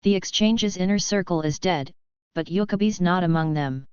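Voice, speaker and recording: A woman voices a cold Sith lord who speaks with icy calm. The voice is lowish and very clear, with a dull, dry sound. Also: normal speed, dry recording, lightly acted.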